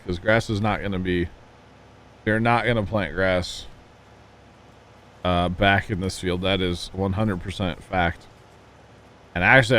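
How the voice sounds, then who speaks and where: A man with a low, fairly bright voice chats casually with his livestream audience during a farming game, spinning folksy stories and asides. A little hiss or hum sits under the recording.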